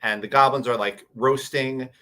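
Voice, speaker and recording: Animated bright-voiced game master. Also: male voice, medium pitch, normal speed. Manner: animated storytelling with many restarts. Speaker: game master, convention panelist. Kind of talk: casual panel chat.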